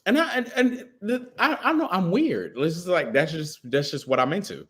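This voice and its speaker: A man in casual podcast chat, slightly high-pitched and swinging all over the place as he talks. He is crude and animated, swearing nonstop, and sounds a little tipsy. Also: normal speed, slightly rough. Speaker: podcast co-host.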